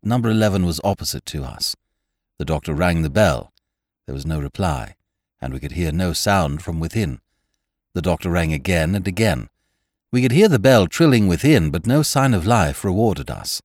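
Narrator: a man with a low voice and lively inflection, for a dry, close audiobook read. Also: moderate pace, no echo. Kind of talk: scripted story narration.

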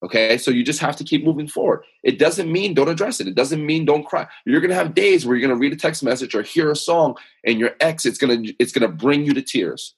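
A man's voice: a little high, lively intonation, quick pace, few pauses, breathy edge. A man speaking as an interview guest, talking in an earnest, emphatic, motivational way as he tells personal stories. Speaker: guest, author and speaker on self-awareness. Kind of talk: podcast interview conversation.

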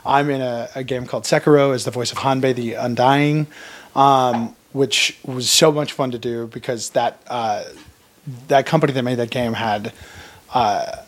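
A man working as a voice actor, chatting casually and warmly in an interview, with plenty of fillers. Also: mid-range voice, fairly even intonation, normal speed. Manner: friendly, chatty, many fillers. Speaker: voice actor guest.

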